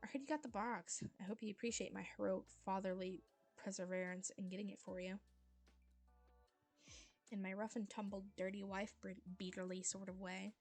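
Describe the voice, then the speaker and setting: A woman voicing a deadpan, cocky teenage boy in a low-key drawl while reading a webcomic aloud. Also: normal speed, faint music behind, close to an everyday voice.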